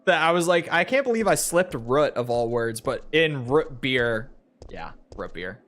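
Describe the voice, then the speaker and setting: A man's voice: medium pitch, sing-song, unhurried, fairly bright tone. A man streaming a game, chatting casually and laid-back with viewers. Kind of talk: casual chat while playing a game.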